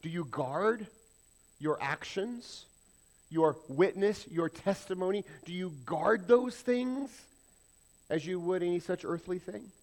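A man's voice: sits high, slow pace. A man preaching a sermon as pastor, emphatic and full of rhetorical questions.

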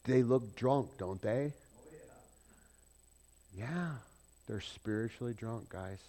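A man preaching a sermon, asking his congregation questions and swinging between loud emphasis and soft asides. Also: medium pitch, slow pace. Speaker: pastor.

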